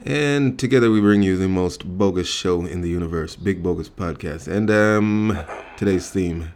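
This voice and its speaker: Deep-voiced rambling male podcast host. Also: a little mellow. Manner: rambling, joking, halting with many fillers. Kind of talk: casual comedic podcast banter.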